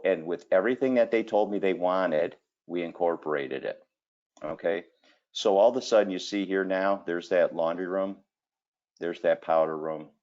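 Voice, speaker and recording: Man, very low voice, kitchen designer presenting on a webinar, muffled lo-fi sound. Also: a little mellow. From Cleveland area, Ohio. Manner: storytelling, folksy, repeats 'okay' and 'you know'. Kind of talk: screen-share presentation.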